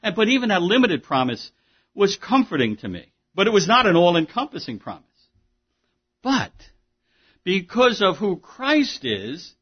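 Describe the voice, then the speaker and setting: A man delivers a sermon in a husky, slightly high voice. He preaches emphatically but conversationally, breaking off for asides and rhetorical questions. The recording sounds dull and lo-fi. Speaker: pastor.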